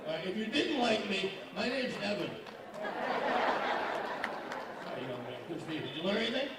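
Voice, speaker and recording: A man's voice: high voice, big pitch swings, fairly quick. A man doing profane stand-up comedy, teasing the audience at a breakfast event. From Massachusetts. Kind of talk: stand-up with crowd work. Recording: echoey hall, distant mic, crowd noise.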